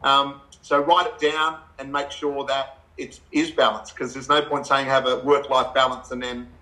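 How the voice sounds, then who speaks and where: A middle-aged Australian man, a guest in a casual chat, telling animated stories with laughs and acted-out quotes. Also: mid-range voice, normal speed, poor audio.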